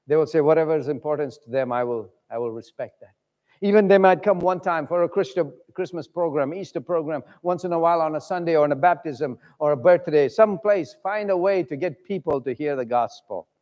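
Booming preacher in an echoing hall. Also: male voice, fairly quick, highs cut off. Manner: shouts and swings his pitch widely for emphasis. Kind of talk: sermon. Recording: long hall reverb.

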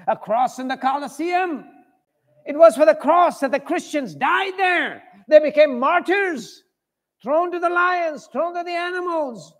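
A man preaching a sermon, preaching with force and shouting at his high points. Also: expressive, unhurried. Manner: shouts and swings his pitch widely for emphasis. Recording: long hall reverb.

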